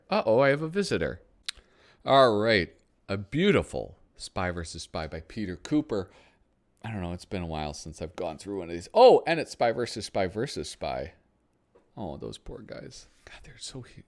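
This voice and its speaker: Lower-voiced man rambling casually. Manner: rambling, frequent ums, thinking aloud. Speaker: host. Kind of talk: casual chat while flipping through a magazine.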